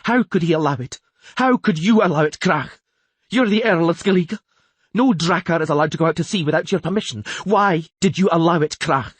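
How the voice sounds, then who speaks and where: A man's voice: medium pitch, very animated, unhurried, slightly rough, dry recording, pitched above the performer's own voice. A man voicing an imperious older queen in an audiobook, cold and authoritative, raising his voice in anger. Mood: furious.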